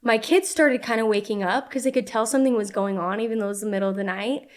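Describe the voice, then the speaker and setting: A young woman tells a personal story as a podcast guest. Her voice sits a little high, and she talks in an animated way. She uses many "like" fillers and acts out the quoted lines. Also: fast. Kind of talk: casual storytelling.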